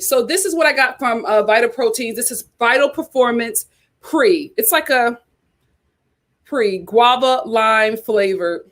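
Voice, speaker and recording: An animated woman hosts her own channel and chats casually with her viewers. Her voice sits a little high, and she laughs easily between thoughts. It sounds like she is talking to a camera at home. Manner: animated and chatty, laughs often. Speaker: YouTube host.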